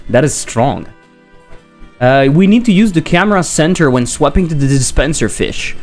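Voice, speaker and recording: A man's voice: on the high side, expressive, moderate pace, faint music behind. A man with a French accent, a game developer chatting casually on a livestream, rambling and joking as he reads chat aloud.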